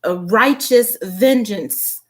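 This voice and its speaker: A woman giving a casual tarot reading, halting with many fillers and restarts. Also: medium pitch. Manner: grows impassioned and indignant. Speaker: tarot reader.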